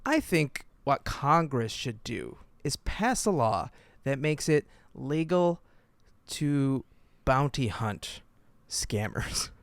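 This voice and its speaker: Joking, animated male podcast co-host. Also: medium pitch, slow, clean tone, dry recording. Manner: animated, joking storyteller who laughs often. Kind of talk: casual podcast chat.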